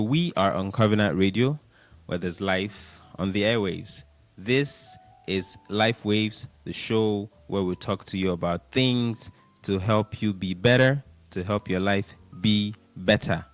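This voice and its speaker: Man hosting a radio show. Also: lowish voice. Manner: chatty, animated, laughs, counts aloud. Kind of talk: casual radio talk. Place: radio studio.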